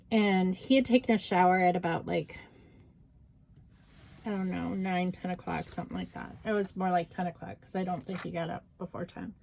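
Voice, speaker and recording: A middle-aged woman chatting casually to her camera as she works on a craft project. She tells a story in a loose, rambling way, full of "like" and "you know." Her pitch sits at an ordinary middle height for a woman. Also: gravelly, darkish tone, poor audio. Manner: rambling storytelling with many fillers. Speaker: crafting vlogger. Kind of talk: casual chat while journaling.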